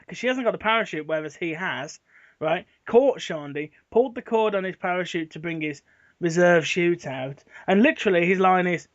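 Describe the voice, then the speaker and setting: A man in his twenties hosting a casual gaming chat, retelling game moments in an animated, rambling way. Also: high-pitched. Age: 20s. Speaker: channel host. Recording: dull lo-fi recording.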